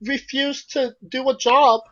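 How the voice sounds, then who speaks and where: A woman's voice: high voice, fairly even intonation, measured pace, lo-fi sound. A woman co-hosting a casual podcast, asking questions and pushing back on her co-host. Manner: questioning, pushes back in debate.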